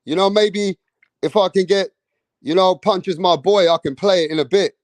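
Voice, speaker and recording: A man giving casual boxing commentary, excitable and slangy, repeating himself for emphasis. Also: sits high, moderate pace, dry recording.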